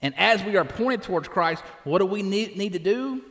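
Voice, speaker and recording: An animated male pastor preaching a sermon, with a fairly high voice. He poses questions to the congregation, and his words ring out with a long reverb from a large church hall. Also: normal speed.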